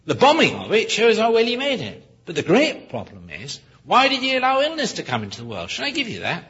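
A man preaching a sermon, emphatic and full of rhetorical questions, often pausing to correct himself with apologies. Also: high-pitched, huge pitch swings, a bit bright, breathy edge. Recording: dull lo-fi recording.

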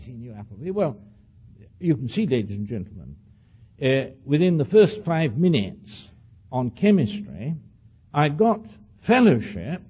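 Older man telling a lively story. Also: fairly high pitch, breathy edge, muffled recording. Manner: animated storytelling with asides to the audience; says he speaks with an accent. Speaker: speaker addressing an audience. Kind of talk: anecdotal lecture.

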